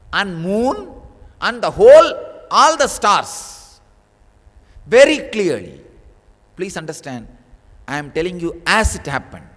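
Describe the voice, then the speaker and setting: A man's voice: high voice, fairly bright tone. A man giving a spiritual discourse as a teacher, telling a story with sudden bursts of emphasis. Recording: long reverb of a large hall.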